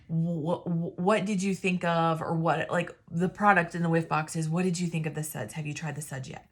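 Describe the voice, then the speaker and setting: With a fairly low, fairly even-toned voice, a woman speaks at a moderate pace with few pauses. She's an independent sales consultant giving rambling, chatty advice to the camera, often interrupting herself and losing her thread.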